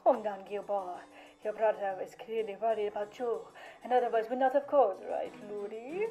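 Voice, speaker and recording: A woman's voice: medium pitch, moderate pace, warm tone, soft background music, close to an everyday voice, rough recording. Woman doing a flirty teasing Frenchman.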